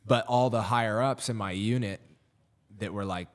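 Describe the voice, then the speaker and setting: A man's voice: on the low side, normal speed. A man from Las Vegas, a comedian guest on a podcast, telling a rambling, profane story in a casual style. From Las Vegas, USA. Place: podcast studio.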